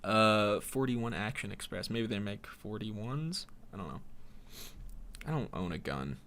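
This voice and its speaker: A man's voice: fairly low pitch, lively intonation, unhurried, a bit bright, slight background noise. A man hosting a solo podcast, rambling in a profane, sardonic way. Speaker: podcast host.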